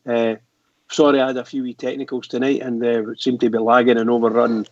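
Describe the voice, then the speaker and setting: A man's voice: medium pitch, little pitch movement, fairly quick, a little mellow, dry recording. A man co-hosting a fan radio show, hesitant, stumbling and repeating his words. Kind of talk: casual fan radio chat. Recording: dry, dull lo-fi line.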